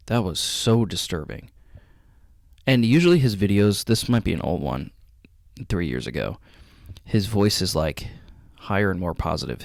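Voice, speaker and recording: A man hosting a reaction video at home at night, rambling and halting as he talks, sounding shaken. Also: sits low, creaky, no echo, studio quality. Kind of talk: casual reaction commentary.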